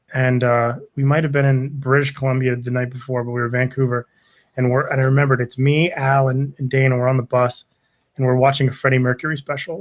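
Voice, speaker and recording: Man telling a story casually. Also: mid-range voice. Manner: animated, acts out quoted voices, swears often. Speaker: podcast guest.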